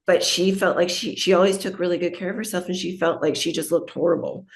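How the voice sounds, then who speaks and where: On a recording with a bit of hiss or hum, a woman talks fast in a lowish, gravelly voice. She's an aesthetic nurse guesting on a podcast, recounting heartfelt, reflective stories of her patients.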